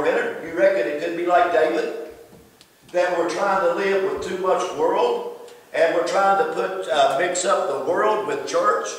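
Preacher, emphatic sermon, high voice, heard from far off in a big echoing church hall. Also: male voice, unhurried. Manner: emphatic, addresses listeners by name.

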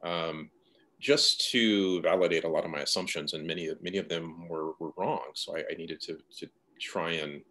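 A man's voice: deep voice, fairly even intonation, normal speed. A man, a novelist, speaking thoughtfully and personally as the guest in a conversational interview. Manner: thoughtful, soft-spoken, personal.

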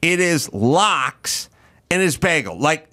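A male podcast host telling a comic story with lots of swearing and indignant outbursts. His voice sits fairly high and swings widely in pitch. It has a bright, forceful edge. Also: slow. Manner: animated, profane ranting. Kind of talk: comedic storytelling chat.

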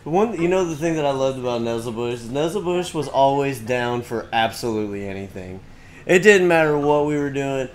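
A man's voice: mid-range voice, expressive, moderate pace. A man casually retelling old stories to a friend, laughing often and swearing freely. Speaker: gaming streamer. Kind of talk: casual storytelling chat.

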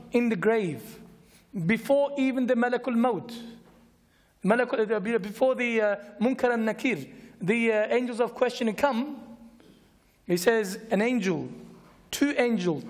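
A man giving a Friday night religious lecture, emphatic and repetitive, slowing to stress key words, recorded in a lecture hall. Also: sits high. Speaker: Islamic lecturer. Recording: long echoing hall reverb.

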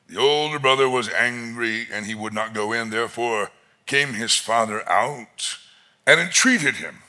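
A man preaching a sermon as pastor, expressive and emphatic, rising to loud peaks. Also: mid-range voice, measured pace.

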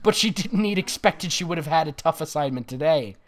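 A man's voice: a little high, expressive, fairly quick. A man reading bad fan fiction aloud with friends, often breaking into giggles. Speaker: fanfic reader.

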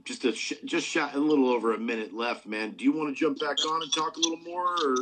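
A podcast host chats casually at a fast clip in a medium-pitched male voice, rambling loosely, swearing heavily and tossing in plenty of "man" and "dude." Heavy background noise runs underneath.

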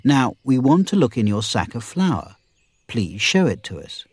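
A man's voice: medium pitch, sing-song, measured pace, slightly rough, no echo, full character voice. A man voicing a confident, playful male outlaw leader in a storybook reading. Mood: calm.

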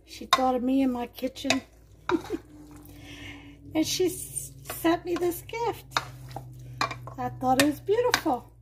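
Chatty high-voiced woman cooking host. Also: lively intonation, takes it slowly, long pauses, heavy background noise. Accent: Brooklyn. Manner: chatty, enthusiastic, talks to viewers. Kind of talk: casual cooking demonstration. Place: home kitchen.

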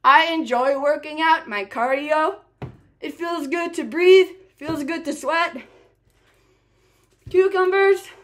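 A woman vlogger chatting playfully to the camera as she makes a sandwich, with sudden loud exclamations. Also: sits high, measured pace. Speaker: vlogger and entertainer. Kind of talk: casual talk to camera while making a sandwich.

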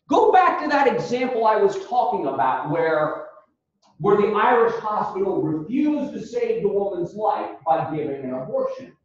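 A male lecturer speaks in an unhurried, high, highly expressive voice. He is heard from a distance through a dull, lo-fi recording. The classroom around him is very echoey. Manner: animated, acts out quotes with raised voice. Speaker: ethics lecturer.

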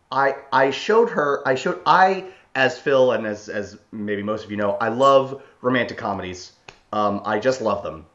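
A young man co-hosting a podcast, speaking haltingly with fillers and repeated starts. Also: on the low side, a bit bright, highs cut off. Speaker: podcast co-host. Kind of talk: casual chat.

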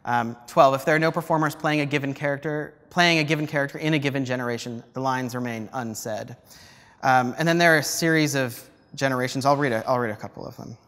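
A man's voice: mid-range voice, fast, fairly bright tone. A man giving an artist talk at a museum, explaining a play's rules with many ums and restarts. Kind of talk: lecture and script reading. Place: museum lecture space. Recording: reverberant hall.

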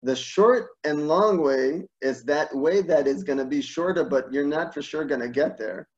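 Man, online class, storytelling, animated, searching for words, dull video call audio. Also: a little high, moderate pace. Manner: animated, laughs at his own stories, searches for words. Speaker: teacher.

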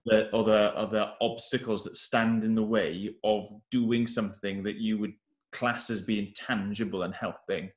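Low-voiced pastor in a roomy space. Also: male voice, little pitch movement, moderate pace. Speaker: pastor, host. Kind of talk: casual video call chat.

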